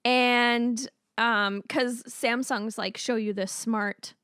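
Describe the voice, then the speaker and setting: Brief: woman podcast co-host, high voice, animated casual storyteller, dry close sound. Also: slow pace, smooth, no room sound.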